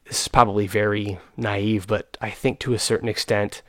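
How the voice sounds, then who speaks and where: A man's voice: fairly low pitch, steady tone, normal speed, fairly bright tone, no room sound, studio quality. A young man hosting a casual talk, earnest and frustrated, with many fillers and restarts. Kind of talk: casual chat.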